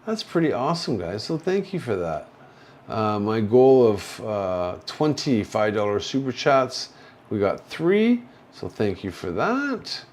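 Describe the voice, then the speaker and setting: A man from Canada hosting a casual livestream from a hospital room, rambling slowly with many fillers, drowsy and slurring from painkillers. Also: lowish voice, big pitch swings, a little mellow. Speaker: livestream host. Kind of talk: casual livestream chat reading viewer comments.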